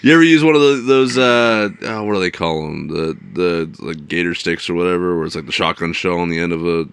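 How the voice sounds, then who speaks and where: Deep-voiced man rambling through stories. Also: brisk, fairly bright tone, clear, resonant tone, no echo. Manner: rambling, hesitant storyteller. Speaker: podcast co-host. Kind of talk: casual chat.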